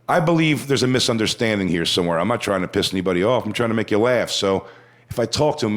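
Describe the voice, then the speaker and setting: A man telling a crude story as a stand-up comedian, chatty and acting out what people said. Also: lowish voice. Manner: crude, conversational, acts out quotes.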